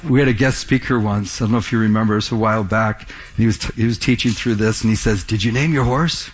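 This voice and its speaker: A man's voice: fairly low pitch, flat delivery, fast talker. A man pastor preaching a verse-by-verse sermon in a conversational way, often repeating words and asking the congregation questions.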